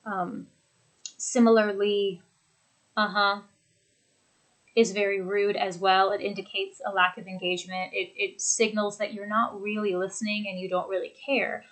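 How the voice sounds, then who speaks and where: A woman teaching an English lesson from a home desk, speaking clearly and deliberately as she demonstrates intonation. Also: medium pitch, fairly even intonation, a bit bright, rough recording. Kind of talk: recorded lesson. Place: home office with a computer.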